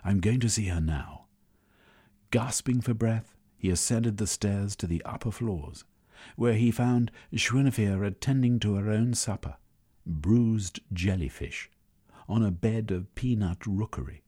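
Audiobook narrator, male, middle-aged: low and mellow, slow, lively in pitch. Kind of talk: scripted narration.

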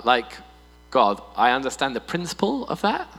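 A man preaches a sermon with a lively, swinging delivery, slipping in comic voices to make his point. His voice rings through a hall with a long reverb, and a faint mains hum sits underneath. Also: medium pitch, moderate pace, faint music behind. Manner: animated, playful, mimics voices for humor. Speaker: pastor. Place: church hall.

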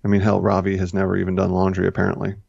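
A man's voice: deep voice, completely flat delivery, rapid-fire, vocal fry, darkish tone, husky, no echo. A man co-hosting a casual chat, rambling and correcting himself as he retells scenes. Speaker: podcast co-host. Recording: dull, lo-fi dry recording.

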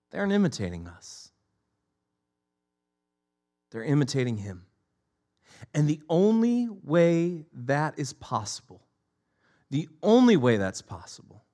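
Lively male preacher. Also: medium pitch. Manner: lively storytelling with repeated phrases. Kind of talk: sermon.

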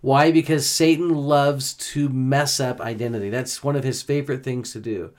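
Male podcast host, earnest scripture teacher, slows on key words. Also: mid-range voice, fairly even intonation. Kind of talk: gospel discussion podcast.

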